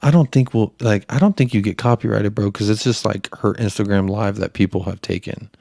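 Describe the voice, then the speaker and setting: A man's voice: fairly low pitch, brisk, creaky, a little mellow, no echo, clean studio sound. A young man hosting a podcast, telling stories in crude, profanity-heavy casual chat. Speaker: podcast host.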